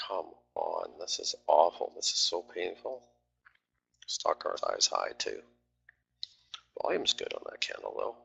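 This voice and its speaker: A man's voice: deep voice, wildly swooping pitch, slow, vocal fry, pauses often, bright, forceful tone, slightly rough. A man talking through live trades on a stream, grumbling and swearing at his trading platform.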